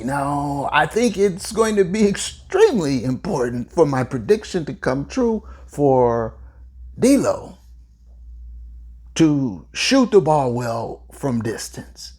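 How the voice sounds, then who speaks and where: Host, female: husky, unhurried, lively pitch; emphatic sports commentator with playful asides. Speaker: podcast host. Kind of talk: solo sports talk commentary.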